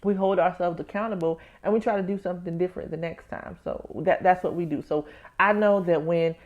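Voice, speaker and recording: Candid, animated woman podcast host. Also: fairly low pitch, brisk, lo-fi sound. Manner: candid, animated storytelling with acted-out inner voices; addresses listeners as "baby" and "y'all". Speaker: podcast host, tax professional. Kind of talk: casual personal podcast talk.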